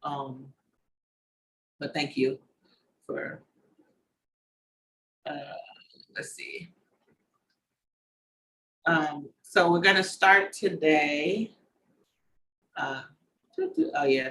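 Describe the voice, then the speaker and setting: A man's voice: a little high, gravelly, pushed and bright, low-quality recording. A man hosting an online conference over a video call, chatty and slangy, drifting off on tangents as he talks. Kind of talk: casual talk on a video call.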